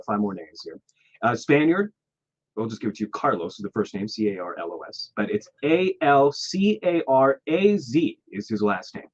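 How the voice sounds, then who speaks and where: A man's voice: mid-range voice, fairly bright tone. Upbeat male radio host, casual on-air banter, a little muffled in the studio. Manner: upbeat, spells names letter by letter. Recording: slightly muffled studio audio.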